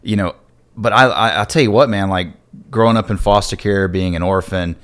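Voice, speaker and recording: A man in his thirties with a notably low voice speaks as a guest in a relaxed conversation. He talks haltingly, with frequent fillers and restarts. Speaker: podcast guest, Navy veteran. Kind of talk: casual conversation.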